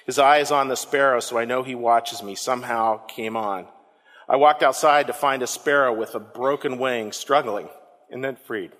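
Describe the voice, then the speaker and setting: Animated male pastor preaching in a reverberant hall. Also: medium pitch. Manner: animated storytelling, repeats words for emphasis. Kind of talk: sermon.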